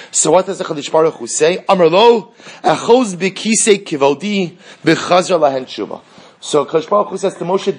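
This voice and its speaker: A man teaching a Talmud class, telling the story with animated dialogue and rhetorical questions. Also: high voice, moderate pace, breathy edge. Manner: animated storytelling, acting out dialogue between characters; frequent restarts and rhetorical questions. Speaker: Torah teacher.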